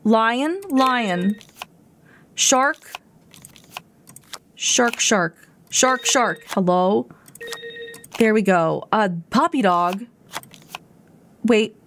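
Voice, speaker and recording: Chatty young woman streaming a game, lively pitch. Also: drawn-out words, pauses often, a little hiss or hum. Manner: chatty, repeats words under her breath, giggly. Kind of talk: casual live gameplay chat.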